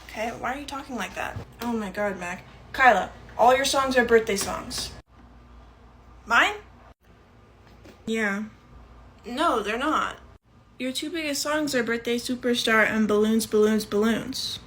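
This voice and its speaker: A woman's voice: fairly high pitch, unhurried, a bit bright, slight background noise. A young woman performing short comedy sketches, playing every part herself with a dry, matter-of-fact delivery.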